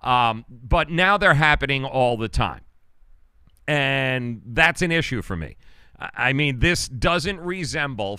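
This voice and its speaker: A man's voice: mid-range voice, bright, forceful tone, clean tone, no echo. A male sports talk show host ranting casually about a football game, exasperated and rambling, with frequent restarts.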